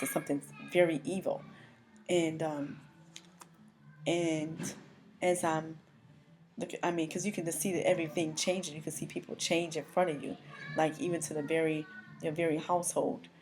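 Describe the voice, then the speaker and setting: A woman giving a personal religious testimony, earnest and emotional, speaking haltingly with many pauses and restarts. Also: low-pitched, darkish tone.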